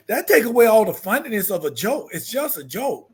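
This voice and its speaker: A man's voice: sits high, expressive, fast talker, few pauses, husky. A man, a comedian co-hosting a casual podcast chat, talking bluntly with plenty of profanity and frequent laughter. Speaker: comedian and co-host.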